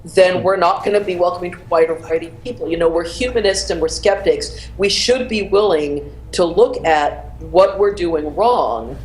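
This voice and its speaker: A woman guest on a panel discussion makes her case with passion, pressing hard on key words. Her voice sits a little low, and the room around her rings with a noticeable echo. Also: normal speed, few pauses, darkish tone, slight background noise. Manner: passionate, emphatic argument. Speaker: guest author.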